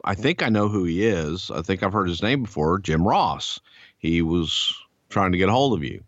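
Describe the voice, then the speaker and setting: A man's voice: low-pitched, moderate pace, no echo. A man host telling a long backstage story in casual chat, swearing freely and acting out what others said. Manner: animated, profane storyteller acting out quotes. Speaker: podcast host. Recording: dull lo-fi dry sound.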